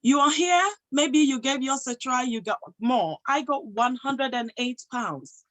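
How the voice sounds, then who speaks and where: A woman's voice: high voice, unhurried, a bit bright, low-quality recording. A woman giving a motivational talk to an audience, emphatic, posing rhetorical questions and answering them herself. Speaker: motivational speaker and health professional.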